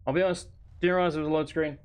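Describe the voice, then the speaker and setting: A man's voice: fairly high pitch, steady tone, clean tone. A man streaming live gameplay commentary, rambling and chatting with viewers while feeling overheated at home. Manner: rambling, chatty, quick asides to chat. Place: home room.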